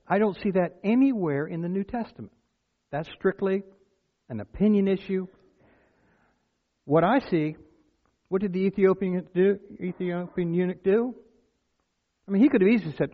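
A man's voice: sits high, animated, normal speed. A man preaching a sermon, telling stories and then building to emphatic points. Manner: storytelling, rises to emphatic exclamations. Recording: tinny phone-like sound.

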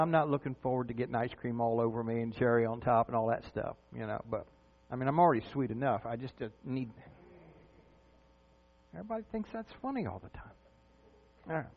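Man preaching over a tinny line. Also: mid-range voice. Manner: conversational preaching with questions to the congregation. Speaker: pastor. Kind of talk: sermon. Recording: tinny phone-like sound with mains hum.

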